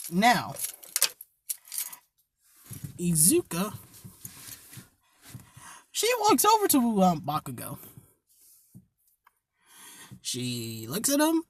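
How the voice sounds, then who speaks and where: A woman's voice: medium pitch, darkish tone, husky. A woman telling an improvised fan story in a rambling, profane way with joking asides. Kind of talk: improvised casual story narration.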